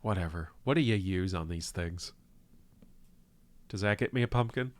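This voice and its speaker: A man's voice: deep voice, normal speed. A man live-streaming a game in casual chat. He swears freely, rambles, and laughs often. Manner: profane, rambling, laughs a lot.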